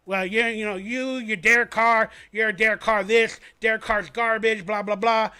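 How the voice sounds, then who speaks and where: A man voicing a mocking male rival football fan with sneering, drawn-out taunts. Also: high voice, fairly even intonation, bright, forceful tone, clear, resonant tone.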